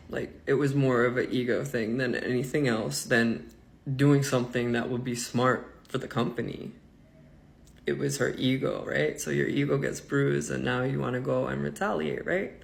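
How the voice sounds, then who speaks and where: Gravelly, indignant man ranting. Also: mid-range voice, moderate pace. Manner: animated, indignant, swings between loud outbursts and muttered asides. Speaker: vlogger. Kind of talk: casual storytelling rant.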